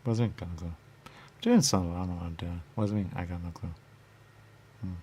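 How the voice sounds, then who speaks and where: A man's voice: low voice, fast talker, mellow, husky. A man rambling in circles, asking himself questions and answering them, repeating words and dropping into sudden whispers. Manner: circular, repetitive musing with sudden whispers.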